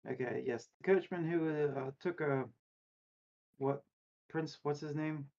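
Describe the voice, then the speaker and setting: A man's voice: a little high, unhurried, darkish tone. Man, tabletop player, hesitant, self-correcting, muffled lo-fi mic. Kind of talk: casual tabletop play.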